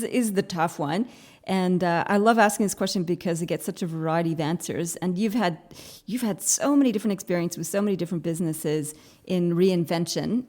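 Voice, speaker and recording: Female interview host from Canada, low-ish voice, enthusiastic delivery. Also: a little mellow. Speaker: podcast host. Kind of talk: podcast interview.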